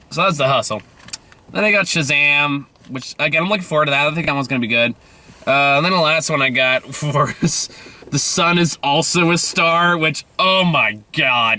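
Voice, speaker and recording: A man giving a casual, rambling movie review, sarcastic and quick to swear. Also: medium pitch, sharp tone. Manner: sarcastic, swears freely, mocks dialogue; loose and rambling with many fillers.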